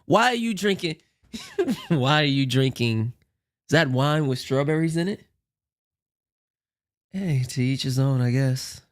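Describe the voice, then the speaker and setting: Male commentary host, some vocal fry, loose jokey asides while reacting. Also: medium pitch. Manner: joking, rambling asides.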